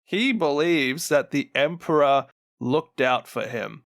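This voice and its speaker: Man co-host, unhurried lore storyteller, animated and laughing, dry close mic. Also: medium pitch, vocal fry, no echo. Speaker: podcast co-host. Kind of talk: casual lore chat.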